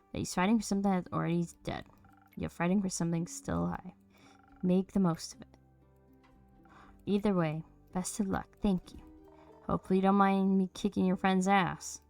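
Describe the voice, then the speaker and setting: A woman's voice: lowish voice, brisk, vocal fry, soft background music. A woman streaming a narrative game, reading out all the characters' lines in playful, shifting voices. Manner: switches between character voices, lively and playful. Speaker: streamer voicing a game's characters.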